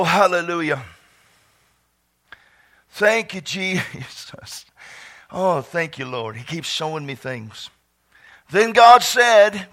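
Male preacher, high bright voice, unhurried, fervent and prone to shouting praise. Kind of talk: sermon.

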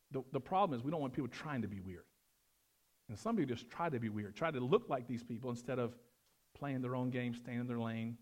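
A middle-aged pastor with a medium-pitched voice preaches verse by verse. He swings between loud, emphatic lines and quiet, dropped asides.

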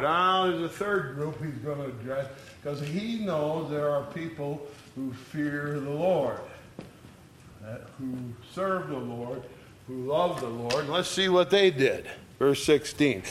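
An older man preaching a sermon in a conversational way. He often checks in with his listeners and gets louder and higher when he reads scripture. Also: expressive, unhurried, husky. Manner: conversational, reads scripture with raised pitch and volume; asks the audience "all right?".

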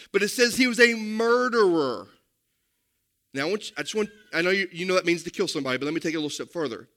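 During his sermon, a male pastor sounds high and bright, staying forceful and lively throughout. He delivers his points emphatically and keeps putting direct questions to the congregation.

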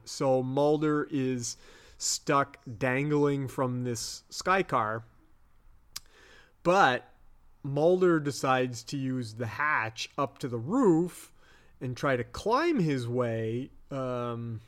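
A man's voice: mid-range voice, fairly bright tone. A young man co-hosting a podcast, recapping an episode in a rambling, unsure way with many fillers. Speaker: podcast co-host.

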